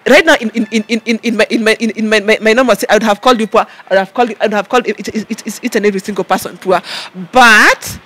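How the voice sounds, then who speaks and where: A woman with a Kenyan accent, an interview guest telling a personal story in an animated way, stumbling over many repeated words and restarts. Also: a little high, very fast. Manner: acts out her own past shouting in quotes.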